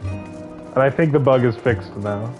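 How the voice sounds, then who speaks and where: A man's voice: medium pitch, takes it slowly, music in the background. Man chatting while he streams a game. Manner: reads game dialogue aloud and banters with chat. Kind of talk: casual gameplay streaming.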